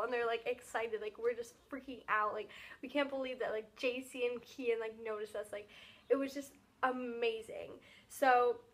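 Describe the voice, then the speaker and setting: A teenage girl gushes through a casual vlog recap, her voice bright and a little high. She rattles along quickly, stacking "like" and "um" between every thought. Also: steady tone. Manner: gushing, fast, filler-heavy with lots of "like". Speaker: vlogger.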